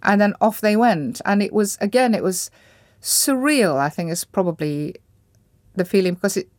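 A woman from Indonesia, an interview guest, thoughtfully recalling her past with pauses and restarts as she searches for words. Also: mid-range voice, animated, darkish tone, dry recording, studio quality. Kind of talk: reflective personal recollection.

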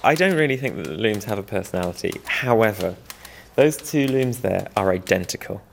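A man's voice: lowish voice, lively intonation, a little fast, vocal fry, a little hiss or hum. A man who weaves and restores old looms, talking in a documentary interview in a rambling, self-deprecating way with small chuckles.

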